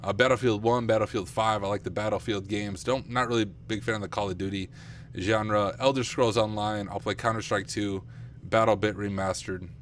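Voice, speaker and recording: A young man talks casually to his live-stream viewers late at night, thinking aloud as he works and poking fun at his own mistakes. His fairly low voice is getting rough from too much streaming. Faint keyboard typing can be heard behind him at his desk mic. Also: steady tone, normal speed, a bit bright, a little hiss or hum. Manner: thinking aloud, self-deprecating, chatty with viewers. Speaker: streamer, penetration tester. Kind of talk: casual live-stream talk while working. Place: home computer room at night.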